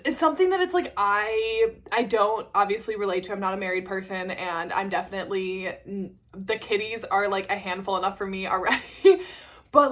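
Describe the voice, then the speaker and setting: A woman's voice: mid-range voice, fairly bright tone. A young woman in her twenties talking casually on a vlog, gushing and filling her sentences with "like". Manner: chatty and gushing, many "like" fillers. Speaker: book vlogger. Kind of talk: casual chat. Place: indoors at home.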